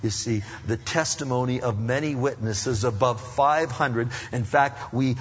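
A man preaching a sermon with emphatic swings between loud rising appeals and hushed earnest passages. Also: mid-range voice, measured pace, breathy edge. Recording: dull recording in a reverberant hall.

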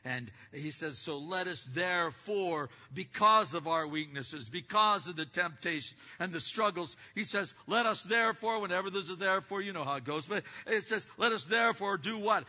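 High bright preacher in a reverberant hall. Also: male voice. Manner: preaching with sudden swings from loud to hushed; acts out distracted listeners in quick asides. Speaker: pastor. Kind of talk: sermon. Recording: dull lo-fi sound with long hall reverb.

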